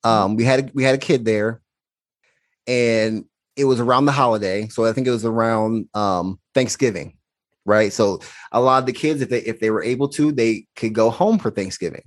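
A man's voice: medium pitch, moderate pace. Earnest male podcast guest with a mid-range voice, reflective storyteller who acts out dialogue. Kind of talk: personal storytelling in conversation.

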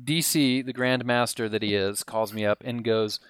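A man as a podcast guest telling a long story in an animated, self-deprecating way. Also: mid-range voice, moderate pace, smooth, no echo. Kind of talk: casual storytelling.

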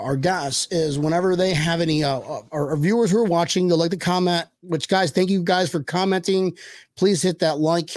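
Crude, joking co-host, man, a bit high-pitched, dry close recording. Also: dry recording. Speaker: podcast co-host. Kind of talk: casual podcast chat.

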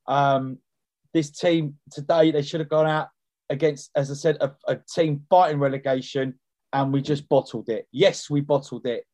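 Guy venting on a football podcast, blunt, slightly high voice. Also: fairly even intonation, moderate pace, a little mellow. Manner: blunt, heated, repeats himself. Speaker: podcast co-host. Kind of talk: casual football podcast chat.

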